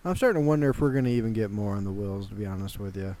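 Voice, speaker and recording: A man's voice: lowish voice, rapid-fire, dark tone. A man co-hosting a podcast, musing casually and trailing off into asides. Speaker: podcast co-host. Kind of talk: casual chat.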